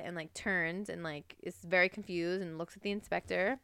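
A woman's voice: on the low side, fairly even intonation, normal speed, a bit bright, clear, resonant tone, no room sound. Young female podcast host, chatty and filler-heavy, recorded dry and close. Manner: chatty, many "like" fillers, breaks into laughter. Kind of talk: casual true-crime and ghost story chat.

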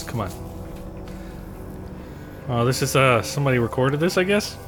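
A man's voice: medium pitch, lively intonation, normal speed, over music. A man co-hosting a casual podcast, telling a story in a rambling way and laughing often. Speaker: podcast co-host. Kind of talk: casual chat.

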